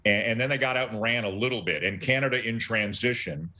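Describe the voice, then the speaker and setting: A man's voice: fairly low pitch, bright, forceful tone. A middle-aged man, a sports broadcaster on as a guest, talking casually and enthusiastically, often restarting his sentences. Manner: enthusiastic, halting restarts, analytical. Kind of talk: casual sports talk interview.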